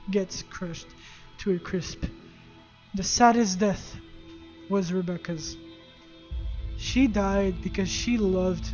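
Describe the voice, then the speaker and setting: A gaming video creator casually recapping a game story, animated and profane, throwing in spoken sound effects. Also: medium pitch, highs cut off.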